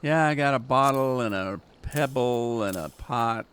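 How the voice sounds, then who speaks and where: A man's voice: medium pitch, a little slow, fairly bright tone, slight background noise. A man giving casual gameplay commentary, full of joking and squeamish asides. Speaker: gameplay channel host.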